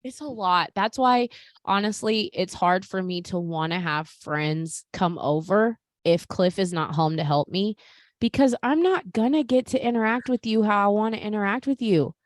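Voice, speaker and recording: A woman hosting a podcast in casual chat, animated and talking straight to her listeners. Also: mid-range voice, moderate pace, dry recording, clean studio sound. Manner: animated, talks to listeners as "you guys". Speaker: podcast host.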